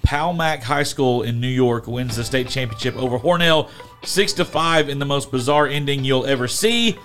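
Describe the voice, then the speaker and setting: A man hosting a podcast in casual chat, telling stories with lively energy and acting out what people said. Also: mid-range voice, normal speed, faint music behind. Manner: animated storyteller, acts out quotes. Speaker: podcast host.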